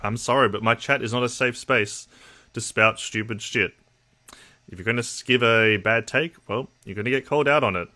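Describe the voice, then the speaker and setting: Blunt, bright-voiced Australian man streaming. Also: mid-range voice, normal speed. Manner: blunt, profane, talks to chat. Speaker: livestream host. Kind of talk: casual livestream chat.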